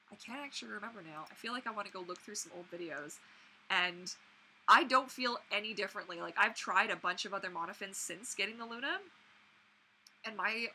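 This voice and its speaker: A young woman hosting a casual livestream, chatting to viewers in an animated way with many fillers and restarts. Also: mid-range voice, low-quality recording. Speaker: mermaid performer and livestream host. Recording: faint background noise.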